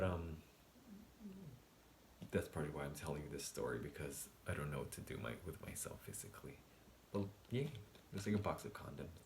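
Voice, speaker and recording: A man quietly telling a casual storytime vlog late at night at home, keeping his voice down and laughing often. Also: a bass voice, echoey room, a little hiss or hum. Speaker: vlogger.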